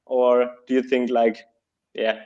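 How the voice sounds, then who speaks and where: Guy stumbling thru his question, lots of um and like, mid pitch, muffled lo-fi sound. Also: little pitch movement, darkish tone. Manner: hesitant, halting, many fillers. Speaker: participant asking questions. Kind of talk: casual questions in a live talk. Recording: dull lo-fi audio.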